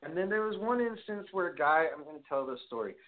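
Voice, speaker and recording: A man's voice: a little high, animated, fast talker, over a noisy crowd. A man from Brooklyn with a New York accent, hosting a casual call-in interview and telling rambling, profanity-laced stories. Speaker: podcast host. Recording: tinny phone-line sound, faint noise.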